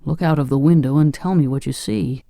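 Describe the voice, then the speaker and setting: A narrator voicing the Scarecrow, a thoughtful straw king who speaks in a calm, measured way. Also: mid-range voice, vocal fry, dry recording, studio quality, close to an everyday voice.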